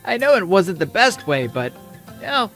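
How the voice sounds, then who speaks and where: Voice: mid-range voice, very animated, moderate pace, a bit bright, soft background music. A performer voicing a small, curious young boy rabbit who chats playfully, says y'all and laughs often in a fan-made cartoon.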